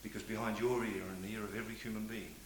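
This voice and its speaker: Man, middle-aged, motivational sales speech, loud then hushed, roomy hall, tape hiss. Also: on the low side, flat delivery, fast. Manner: swings between loud preaching and quiet confiding storytelling. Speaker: motivational speaker at a sales meeting. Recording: hissy old cassette tape in a roomy hall.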